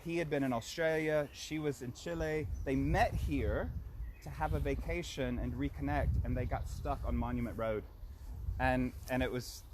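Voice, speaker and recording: A man guiding a walk and telling a story in a casual, chatty way, with plenty of restarts. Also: a little high. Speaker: walk guide and community organiser. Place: outdoors by a community garden. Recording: loud outdoor noise with passing traffic.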